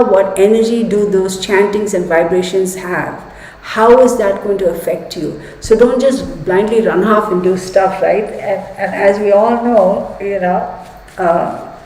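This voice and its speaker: A woman's voice: mid-range voice, a little mellow. A woman hosting a tarot live stream, rambling through a personal story and talking straight to her viewers. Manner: chatty, rambling, addresses viewers as "y'all". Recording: echoey room.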